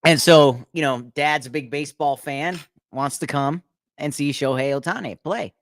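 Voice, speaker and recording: A man's voice: a little high, normal speed, dry recording, studio quality. A man hosting a podcast, telling a long rambling story in casual chat and laughing at his own jokes. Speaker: podcast host.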